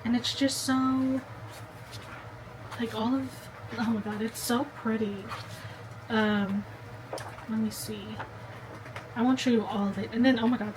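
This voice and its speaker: A woman's voice: fairly high pitch, steady tone, a little slow, long pauses, noisy background. A young woman vlogging casually to the camera, chatty and gushing, talking straight to the viewer. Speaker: book vlogger.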